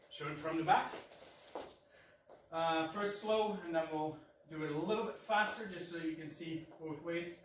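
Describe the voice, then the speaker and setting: Guy teaching dance steps, counts and scats the beat, kinda high voice, super echoey room, loud hiss. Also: normal speed. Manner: counts beats aloud and scats rhythms. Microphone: far camera mic. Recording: echoey room, far mic, loud noise.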